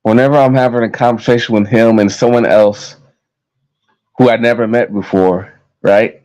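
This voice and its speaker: A man's voice: medium pitch, fairly even intonation, moderate pace, darkish tone, lo-fi sound. A young American man ranting to camera in a heated, profane, repetitive way. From United States. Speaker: vlogger. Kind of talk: casual rant to camera.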